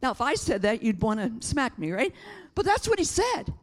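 A middle-aged woman preaching a sermon, impassioned and emphatic, rising to shouts and then dropping quiet and tearful. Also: on the high side, big pitch swings, moderate pace. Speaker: pastor.

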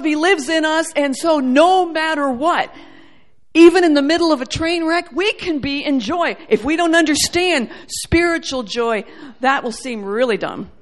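A woman preaching a sermon, animated, acting out quoted voices and swinging between loud, ringing passages and soft, low ones. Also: unhurried.

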